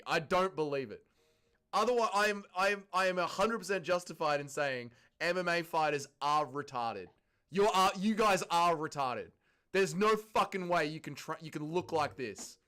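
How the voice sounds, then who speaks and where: A young man hosts a fight watch-along stream, ripping into the fighters with profane, incredulous mockery. His voice sits a little high and jumps around a lot in pitch. Faint music plays behind him. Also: fairly bright tone. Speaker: livestream host.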